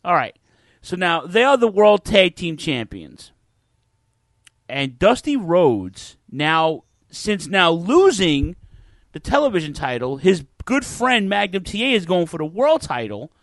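A man hosting a casual podcast, animated and a little profane as he sets up old clips. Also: high-pitched, unhurried, no room sound, studio quality. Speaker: podcast host. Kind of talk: casual chat.

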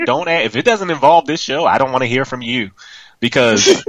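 A man's voice: mid-range voice, normal speed, dry recording. A man co-hosting a wrestling podcast, talking casually with brash swearing and teasing. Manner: brash, animated, swears freely. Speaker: podcast co-host.

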